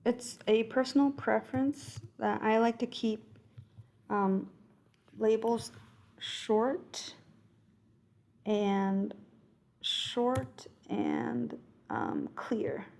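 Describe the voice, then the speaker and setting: A woman's voice: fairly high pitch, drawn-out words, gravelly, pauses often, a little mellow. A woman thinking aloud as she works through a coding exercise, correcting herself and murmuring code as she types. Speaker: coding tutor. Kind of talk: screen-recorded coding walkthrough.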